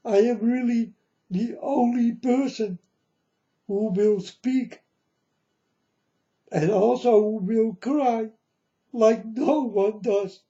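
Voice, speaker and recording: A man's voice: extremely high pitch, slow, long pauses, mellow, dull audio. A man giving an emotional personal testimony in non-native English, earnest and pleading, often calling his listeners folks. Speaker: self-proclaimed prophet.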